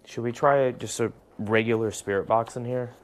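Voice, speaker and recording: Speaking at a normal speed in a steady, mid-range voice, a man records a solo ghost-hunting vlog indoors in an old house. He gently comforts an unseen spirit but occasionally startles and cries out.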